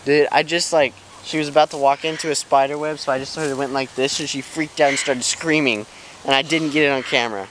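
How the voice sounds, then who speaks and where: A man's voice: fairly high pitch, fairly even intonation, quick pace. A young man vlogging casually outdoors on a nature trail, joking and teasing. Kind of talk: casual vlog chat. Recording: loud outdoor background noise.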